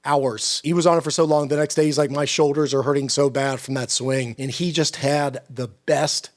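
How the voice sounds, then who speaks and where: A man's voice: medium pitch, steady tone, moderate pace. A middle-aged man giving an earnest sermon-style encouragement talk, repeating his points with emphasis. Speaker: Christian encouragement speaker.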